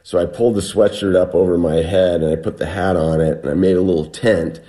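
Middle-aged man, very low voice, guest recounting an ordeal, lively quoted shouts. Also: a little fast. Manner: animated retelling, acts out shouted quotes. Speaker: guest telling a survival story. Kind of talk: conversational storytelling.

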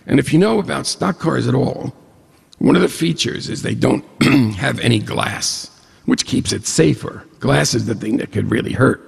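A man telling a humorous personal story to an audience, animated, jumping up in pitch when he quotes dialogue. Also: moderate pace, creaky, slightly rough. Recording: long hall reverb.

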